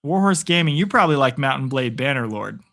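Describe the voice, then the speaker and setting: Here a man gives loose, talkative play-by-play of a game to his viewers from home, his phone leaning against a picture frame. The voice is mid-range, creaky and fairly bright, delivered with animation at a fairly quick clip.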